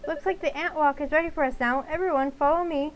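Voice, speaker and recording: Lady doing a perky awkward teacher lady, high classroom voice. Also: fairly even intonation, quick pace, soft background music, close to an everyday voice. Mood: chirpy. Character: flustered adult female schoolteacher, awkward.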